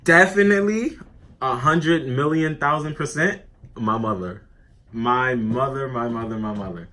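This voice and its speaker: A man's voice: medium pitch, measured pace, bright, forceful tone. A young man in a casual chat, talking expressively and repeating words for emphasis. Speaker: co-host.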